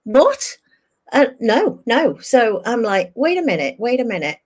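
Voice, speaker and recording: An older woman, a guest on a talk show, telling a candid personal story over a video call and acting out her own past thoughts in animated quoted asides. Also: on the high side, unhurried.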